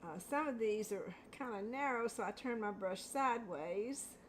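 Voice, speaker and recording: A woman's voice: medium pitch, normal speed, slight background noise. An older woman hosting a home craft video, chatting in a rambling way and laughing at herself while she paints. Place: home studio.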